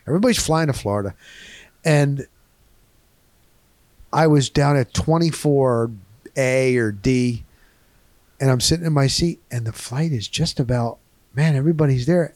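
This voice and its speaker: A man hosting a talk show, telling a rambling, animated story in a casual monologue. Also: normal speed, long pauses, no room sound. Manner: animated, swinging pitch, rambling asides.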